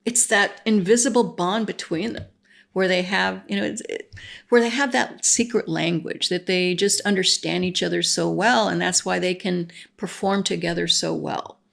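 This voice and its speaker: A woman's voice: fairly low pitch, fairly even intonation, normal speed, creaky, a bit bright. A woman vlogger talking in a casual, enthusiastic, rambling monologue, full of fillers.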